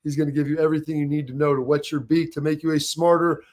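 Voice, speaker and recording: Upbeat sports talk show host. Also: male voice, level tone, fast talker, a little mellow. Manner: upbeat, chatty sponsor pitches. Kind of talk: casual sports talk and ad reads.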